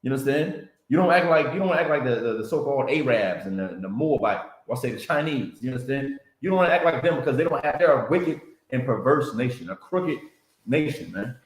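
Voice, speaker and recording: Man, Bible class teacher, preaching style, repetitive call-outs, mid pitch, roomy echo. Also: lively intonation, fairly quick. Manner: repetitive, checks in with "you understand?" and "man".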